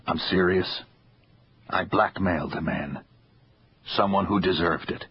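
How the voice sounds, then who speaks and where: A stubborn, wry old father near death speaks low and weary, as a male narrator plays him. The audiobook recording is slightly muffled with a faint hiss. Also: steady tone, a little slow. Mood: grave.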